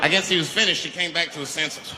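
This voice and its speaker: A man's voice: on the high side, quick pace, very noisy. A male stand-up comedian telling a wild, profane story with lots of acting out, over live crowd laughter. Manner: animated, profane, acts out scenes.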